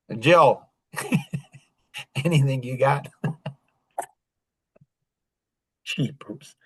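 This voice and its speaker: A man's voice: mid-range voice, extremely slow, pauses often, a bit bright, breathy edge, rough recording. An older man as a podcast guest, talking with indignant emotion that rises and falls sharply, heard over a video call. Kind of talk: impassioned podcast talk.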